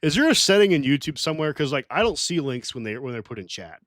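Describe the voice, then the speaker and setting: A man's voice: fairly high pitch, sing-song, fast talker, fairly bright tone, no room sound, clean studio sound. A man hosting a casual livestream, talking to his chat in a rambling, defensive way and swearing often. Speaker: livestream host.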